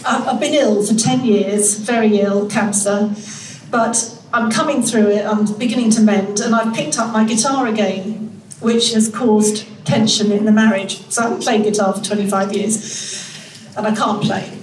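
A woman's voice: medium pitch, steady tone, moderate pace, darkish tone, slight background noise. A woman in her sixties with a nasal North London accent, a guest author chatting frankly and reading from her memoir in a self-mocking way. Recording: long hall reverb.

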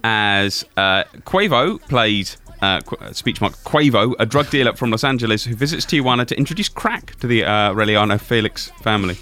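A man co-hosting a podcast, trading sardonic, quick banter in casual chat. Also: on the low side, expressive, pushed and bright. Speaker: podcast co-host.

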